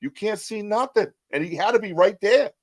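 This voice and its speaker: A man hosting a casual chat podcast, animated and laughing often as he acts out other people's lines. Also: sits high, moderate pace, dry recording, studio quality. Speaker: podcast host.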